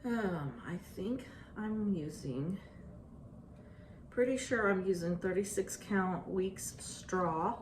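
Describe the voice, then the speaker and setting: A woman chatting casually about her stitching projects, halting and restarting often with ums. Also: mid-range voice. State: out of breath. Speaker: stitching vlogger. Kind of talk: casual show-and-tell chat. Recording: echoey room, faint ambient noise.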